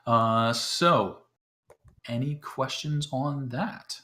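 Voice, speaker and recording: A man acting as game master, explaining the setup to his players in a relaxed way, with many fillers and chuckles. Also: mid-range voice, drawn-out words. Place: home, talking over voice chat.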